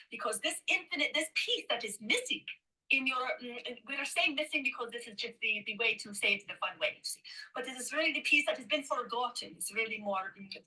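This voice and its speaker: A woman channeling a female Pleiadian light being who teaches gently, humming "mm" and saying "you see" as she searches for words. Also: high voice, far from the mic, rough recording. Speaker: trance channel.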